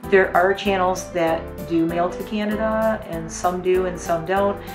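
A woman YouTuber unboxing holiday gifts on her vlog, gushing and gasping with excitement. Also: lowish voice, a little slow, over music.

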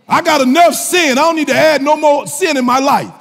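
A male minister preaching a sermon in a colloquial, joking style, with impassioned shouts and repeated phrases. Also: extremely high pitch, normal speed, faint music behind. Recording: long reverb of a large hall.

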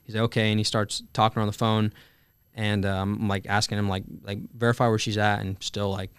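A young man in his twenties, a Marine appearing as a podcast guest, tells a war story in casual conversation, acting out the quoted dialogue. He speaks a little fast in a lowish voice with little pitch movement, using frequent fillers and swearing. The tone is clean and the recording dry.

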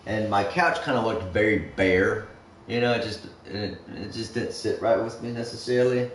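A man's voice: fairly low pitch, normal speed. A young man streaming a game, chatting casually in a rambling, swear-heavy way full of fillers. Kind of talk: casual chat while gaming. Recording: echoey room, mic far off, faint noise.

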